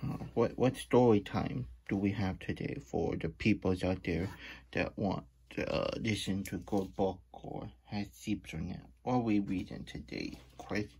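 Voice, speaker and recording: A man's voice: deep voice, unhurried, gravelly, warm tone, husky, heavily acted. A man voicing a simple-minded, childlike hedgehog who hosts a storytime, speaks of himself in the third person with broken grammar, and hums little brr sounds. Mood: sleepy. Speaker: storytime host.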